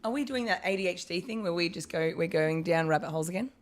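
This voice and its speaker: An Australian woman co-hosting a casual podcast chat, rambling through stories and acting out what people said. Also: fairly low pitch. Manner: rambling, quick storytelling with acted-out quotes. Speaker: podcast co-host.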